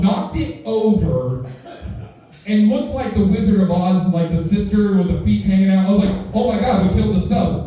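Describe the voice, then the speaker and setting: A young man doing stand-up comedy, telling a profane story and acting out the voices in it, recorded live. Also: high voice. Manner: profane, animated, acts out quoted voices. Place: live comedy show in a house. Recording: echoey room, mic far off.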